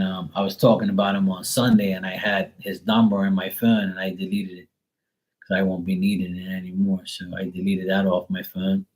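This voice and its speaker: A man's voice: low voice, low-quality recording. Blunt, profane man chatting on a live stream. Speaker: tarot reader hosting a live stream. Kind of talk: casual live-stream chat.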